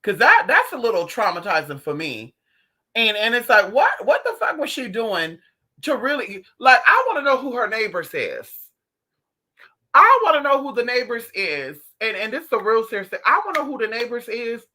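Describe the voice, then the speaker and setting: Livestream host, animated and profane, storytelling casually to viewers. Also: mid-range voice, moderate pace. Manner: talks straight to viewers.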